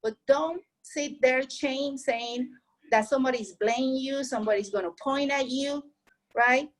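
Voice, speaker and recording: A little slow and high-pitched, a woman who grew up speaking Spanish earnestly encourages the listener with heartfelt, casual advice, repeating her points. The audio quality is poor.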